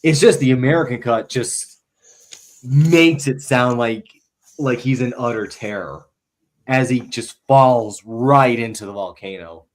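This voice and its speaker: Male podcast co-host, sincere and chatty, lots of filler words. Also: mid-range voice. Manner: earnest, filler-heavy retelling of film scenes. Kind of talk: casual chat.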